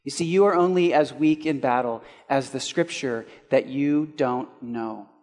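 Pastor guy preaching, kinda high voice, asks the room lots of questions, reverb everywhere. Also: normal speed. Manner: rhetorical questions, swings between loud and hushed. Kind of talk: sermon.

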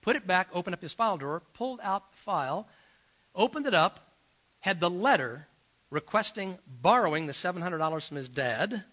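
A middle-aged man, a pastor, preaching a sermon and telling personal stories, swinging between loud emphasis and quiet asides. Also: high voice, lively intonation, moderate pace.

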